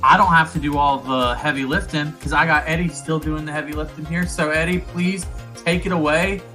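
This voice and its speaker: A man's voice: fairly high pitch, fairly even intonation, a little fast, sharp tone, soft background music. A man hosting and playing in a tabletop game, chatting in an upbeat, casual way. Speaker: host and player.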